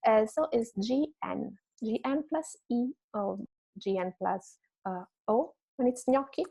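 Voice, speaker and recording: A woman's voice: mid-range voice, gravelly, a little mellow. Italian-accented woman teaching pronunciation. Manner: patient, repeats words slowly for contrast, frequent checking "right?". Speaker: Italian language instructor. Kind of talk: recorded language lesson.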